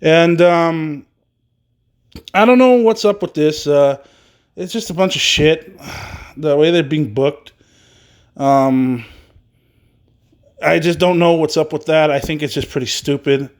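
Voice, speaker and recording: A man's voice: a little high, slow, pauses often, clean tone. A man hosting a solo wrestling podcast, reading news in a casual, rambling way with many fillers and some swearing.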